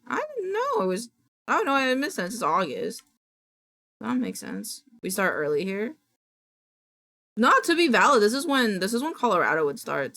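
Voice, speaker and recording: Lively, chatty woman streamer. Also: mid-range voice, creaky. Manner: animated, quick to laugh and apologize, chatty. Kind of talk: casual live-stream chat with viewers.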